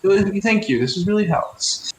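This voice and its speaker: A man's voice: high-pitched, expressive, echoey room, a little hiss or hum, voice pushed up, low-quality recording. A man voicing a flustered, grateful man who stammers over his thanks. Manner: halting, stammering.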